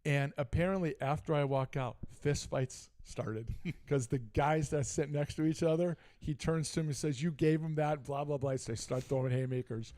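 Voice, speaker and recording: Speaking with few pauses at a moderate pace, a middle-aged co-host of a casual sports talk show heatedly retells a story full of asides in an animated manner. His pitch is fairly high.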